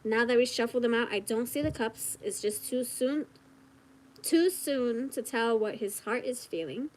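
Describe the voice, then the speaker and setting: A woman giving a casual tarot reading straight to the viewer, chatty and giggly, thinking out loud as she goes. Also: fairly high pitch, a little slow, low-quality recording. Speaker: tarot reader.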